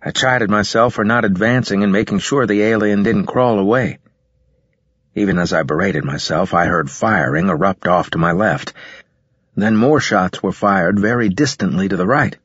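A man narrating a story in the first person with a steady, measured reading. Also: deep voice, husky, no room sound, muffled recording. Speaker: audiobook narrator.

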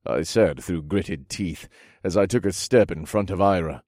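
A man reading a novel aloud in measured first-person narration. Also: deep voice, no echo, studio quality. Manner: steady, measured storytelling. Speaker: audiobook narrator.

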